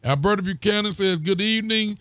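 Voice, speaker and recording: Sheriff guy hosting, highish voice, greets folks by name, laughs easy. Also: a little fast, fairly bright tone, dry recording. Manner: friendly, greets viewers by name, laughs easily. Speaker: county sheriff and show host. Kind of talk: casual chat reading out viewer comments.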